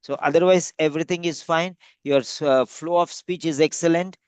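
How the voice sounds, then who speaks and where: A man's voice: fairly high pitch, fairly even intonation, normal speed, clean tone, dry recording. A man tutoring a speaking-test candidate, giving patient, repetitive feedback with frequent fillers. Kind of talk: giving feedback in a practice session.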